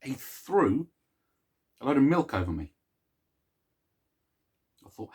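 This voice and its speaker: A middle-aged man hosting a daily song video series, chatting casually to camera in a soft, chuckling, self-mocking way. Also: medium pitch, big pitch swings, slow, breathy edge.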